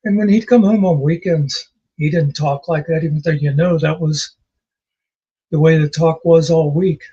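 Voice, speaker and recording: A man's voice: on the high side, steady tone, normal speed, mellow, slightly rough, dull audio. A man co-hosting a casual chat, telling rambling stories with many fillers. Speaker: podcast co-host.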